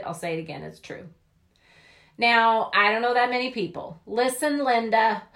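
A woman's voice: a little high, fairly bright tone. A woman giving an upbeat, chatty motivational talk about network marketing, often acting out quoted voices.

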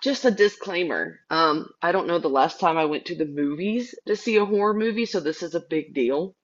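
A woman chatting casually on a horror podcast, giggly and animated. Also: lowish voice, a little fast. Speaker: podcast co-host. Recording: dull lo-fi mic.

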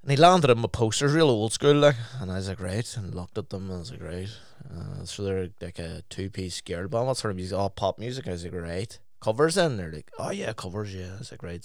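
A man's voice: low voice, creaky, no room sound, clean studio sound. A man in casual chat, swearing freely and telling stories with laughs. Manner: swearing, storytelling with laughs and acted quotes.

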